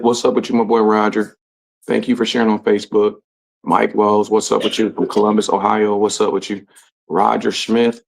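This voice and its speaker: A man hosting a casual livestream, reading out commenters' names and greeting them in relaxed, slangy talk. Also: lowish voice, vocal fry. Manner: shouting out commenters, laid-back slangy talk. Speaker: livestream host. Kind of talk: casual live-stream chat.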